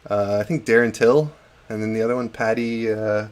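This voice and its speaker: A man's voice: lowish voice, fairly even intonation, normal speed, clear, resonant tone. A man chatting casually on a hobby livestream while painting miniatures, reading out chat and joking at his own expense. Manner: chatty, self-deprecating, reads chat aloud.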